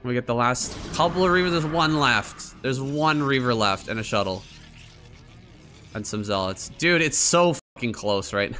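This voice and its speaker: A man giving casual commentary over his own strategy game match, excitable and crude, swearing and mocking his opponent with frequent laughter. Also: medium pitch. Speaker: gaming streamer.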